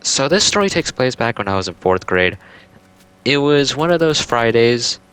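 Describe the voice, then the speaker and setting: A man's voice: mid-range voice, very animated, normal speed, fairly bright tone. A young man telling a childhood story in a casual, rambling way, full of "like" and "um". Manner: rambling, heavy use of "like" and "um". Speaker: storytime vlogger.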